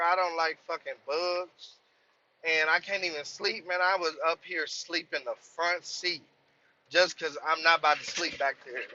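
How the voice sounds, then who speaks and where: A man's voice: on the high side, bright, forceful tone, muffled recording. A man vlogging from inside his truck cab, telling a rambling, profane story in casual talk and saying "man" a lot.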